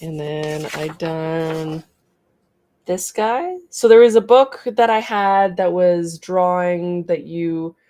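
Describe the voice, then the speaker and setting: A woman's voice: lowish voice, slow pace, mellow. A middle-aged woman casually chatting on a livestream about her art studio, rambling and greeting viewers as she reads their comments. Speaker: artist hosting a studio livestream.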